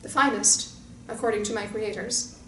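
A woman voicing a calm, fearless male droid captain who speaks in a formal, composed way. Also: mid-range voice, moderate pace, close to an everyday voice. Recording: roomy distant mic with faint hiss.

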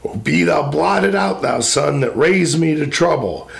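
A man's voice: fairly high pitch, animated, a little slow, creaky, exaggerated voice. A man reciting the lines of a wistful young female spirit in a poetry recitation, lyrical and lamenting. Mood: mournful.

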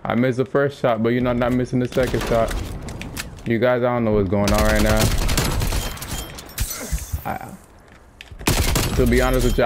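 A man giving casual, excitable commentary over his own shooter gameplay, trash-talking opponents and calling out to his viewers. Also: fairly low pitch. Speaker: gaming streamer. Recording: game gunfire noise behind voice. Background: clear gunfire and game sounds.

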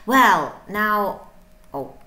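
Woman, English teacher, slow and lively, playful asides, echoey room. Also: mid-range voice. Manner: animated, encouraging, with playful asides. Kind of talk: online language lesson.

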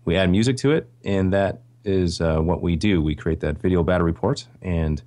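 A man's voice: sits low, normal speed, dark tone. A man with a Canadian accent, chatting as a guest on a podcast in a friendly, self-deprecating and grateful way. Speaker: podcast guest, video creator. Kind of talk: casual interview chat.

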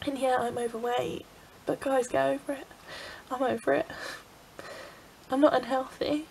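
A young woman from England opens up in a confessional vlog, her voice sitting high and catching in a gravelly fry. She sounds tearful and keeps reaching for "like" as she talks. A faint hiss runs under the recording. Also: steady tone, moderate pace, darkish tone, poor audio. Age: young adult. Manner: emotional, tearful, frequent "like" fillers. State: crying. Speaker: vlogger.

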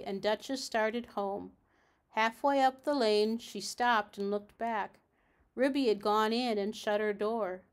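A woman from a library reading a children's storybook aloud, in a gentle, measured manner. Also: mid-range voice.

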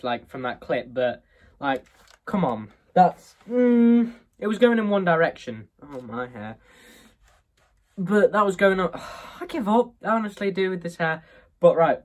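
A video host reacts to clips in loose, rambling chatter. The voice scoffs and gets excitable, piling up restarts as it goes. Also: mid-range voice. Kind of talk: casual reaction commentary.

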